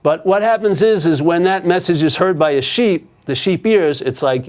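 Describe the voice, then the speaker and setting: A man's voice: on the high side, moderate pace, few pauses. A man, a spiritual teacher, telling a story casually and often checking in with "yeah?". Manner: casual, animated, tags with "yeah?". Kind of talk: storytelling in a conversation.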